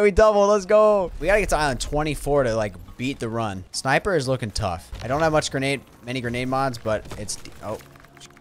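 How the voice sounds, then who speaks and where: An excitable young man talks through his gameplay in a casual, chatty way, jumping from loud bursts of hype to low muttering. He records at a desk mic, with faint game music behind him. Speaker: gaming YouTuber.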